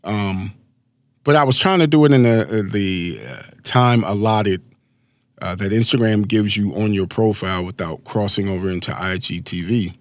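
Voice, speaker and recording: A man in his forties from Maryland giving a casual motivational talk, animated and full of storytelling asides. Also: lowish voice, moderate pace, dry recording. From Maryland, USA. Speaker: motivational speaker.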